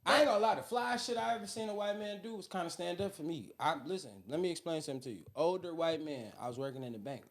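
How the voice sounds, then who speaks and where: A man with a Detroit accent telling a story on a casual podcast, animated and acting out the people in it. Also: on the high side, fast talker, few pauses. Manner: animated, acts out quoted voices loudly. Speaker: podcast co-host. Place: podcast studio.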